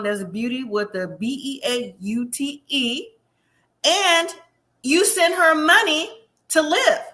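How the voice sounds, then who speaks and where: A woman's bright, sharp voice, pitched a little high, runs through a reality show episode in a relaxed recap full of her own opinions directed at the listener. At times she mimics the people she describes with quick impressions.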